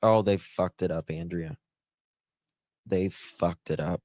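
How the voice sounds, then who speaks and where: A man's voice: sits low, steady tone, slow pace, darkish tone, no echo. A man giving angry, profane, sarcastic commentary on case documents as a true crime host.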